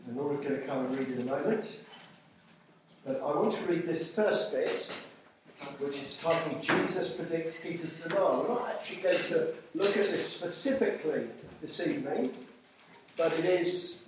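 A man preaching an informal sermon, reading scripture slowly and deliberately. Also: on the high side. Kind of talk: informal sermon at a church evening meal. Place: large echoey church hall. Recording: very echoey hall, voice from far off, faint noise.

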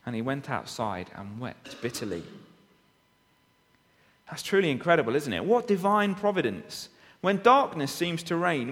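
Man preaching with lively pitch, in a hall. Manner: expository preaching, rhetorical tag questions. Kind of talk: sermon. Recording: long reverb of a hall.

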